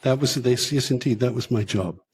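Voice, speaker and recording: A man's voice: medium pitch, fairly quick. A middle-aged man co-hosting a radio podcast, wry and teasing and laughing often. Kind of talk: casual banter.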